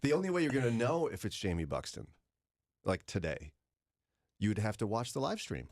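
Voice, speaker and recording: A male radio host with a low voice that swings widely up and down as he jokes with his guests. He talks in a playful, bantering way and slows down to read out numbers. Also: huge pitch swings. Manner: joking, playful, reads out phone numbers.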